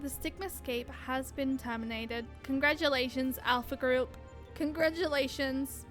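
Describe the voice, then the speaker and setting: A cold combat machine speaks in a flat, robotic monotone, as a woman puts it on while reading game dialogue. The tone stays bright and the delivery slow and measured, every word clinical and detached. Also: high-pitched, faint music behind. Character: cold calculating combat machine, analytical, emotionless.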